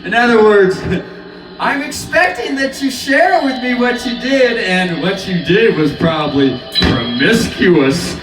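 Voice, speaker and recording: A man's voice: high voice, animated, measured pace. Rambling man over guitar, roomy and distant. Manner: rambling, free-associating, breaks into laughter and snatches of singing. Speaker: home guitar player. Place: home room with guitar amp. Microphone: dynamic mic, sung dry. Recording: roomy home recording, mic at a distance. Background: guitar playing.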